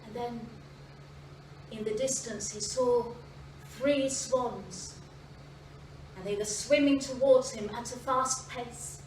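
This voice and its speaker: Woman storyteller, high voice, unhurried, echoey library room, distant mic, faint ambience. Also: a little hiss or hum. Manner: expressive, with dramatic pauses and voiced sound effects. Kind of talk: live storytelling to an audience. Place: library event space, indoors.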